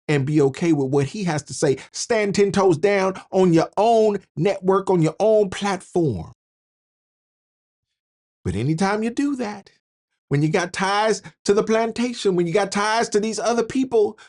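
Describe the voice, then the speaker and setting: A man's voice: high voice, darkish tone. A man hosting a political commentary channel, preachy, with rhythmic repetition.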